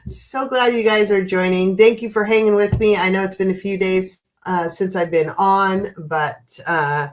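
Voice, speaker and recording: A woman's voice: mid-range voice, fairly even intonation, a little slow. A woman in her fifties with a stuffy, congested nose, chatting casually as host of a live stream and greeting viewers by name with frequent laughs. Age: 50s. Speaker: livestream host.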